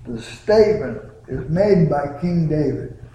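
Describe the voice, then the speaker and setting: Slow-preaching pastor in an echoey church. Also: male voice, fairly high pitch, animated, mellow. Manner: slow, deliberate preaching with drawn-out words. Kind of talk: sermon. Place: church sanctuary.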